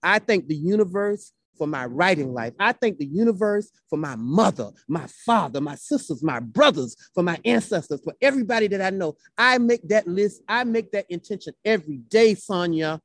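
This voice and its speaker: A man's voice: high voice, expressive, moderate pace, few pauses, a bit bright, no echo, clean studio sound. A man from Florida, a poet guest in an interview, speaking with a rhythmic, repetitive, preacher-like cadence. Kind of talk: heartfelt conversational interview.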